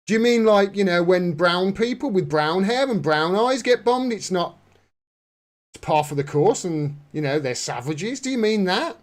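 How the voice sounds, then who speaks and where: A man's voice: high-pitched, expressive, normal speed. A man giving casual political commentary on a vlog in an indignant, sarcastic way. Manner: indignant, sarcastic, rising to outbursts. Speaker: commentary vlogger.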